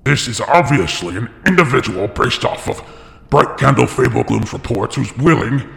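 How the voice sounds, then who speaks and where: A man growling as a gravelly, bloodthirsty beholder. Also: mid-range voice, lively intonation, moderate pace, fairly bright tone. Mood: demanding. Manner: blunt and aggressive. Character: menacing male beholder, harsh and bloodthirsty. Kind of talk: tabletop role-play voicing. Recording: echoey with long reverb.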